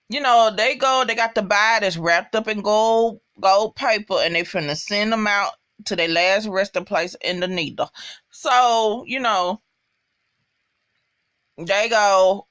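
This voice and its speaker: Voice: medium pitch, a bit bright, smooth. A young adult recapping a TV episode in a casual, profane, emphatic way, talking straight to viewers.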